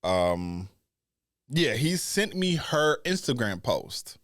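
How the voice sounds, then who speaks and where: Slow, lively-voiced wrestling podcaster man. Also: medium pitch, no echo, clean studio sound. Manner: blunt, profane, emphatic. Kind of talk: casual commentary.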